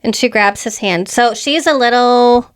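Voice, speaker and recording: A woman's voice: fairly high pitch, clean tone. Chatty giggly woman podcast host. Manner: chatty, giggly, quick retelling. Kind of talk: casual chat summarizing a book.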